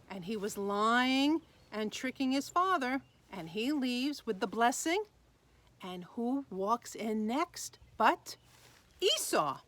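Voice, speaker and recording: A woman telling a Bible story to children in an animated way, speaking straight to them. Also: medium pitch. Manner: animated, addresses children directly.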